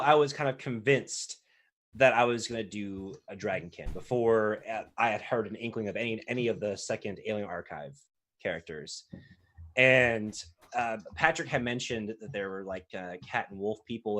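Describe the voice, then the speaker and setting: A man's voice: on the low side, fairly bright tone. A man from South Carolina chatting casually on a podcast, laughing often and rambling with restarts. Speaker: player on the show.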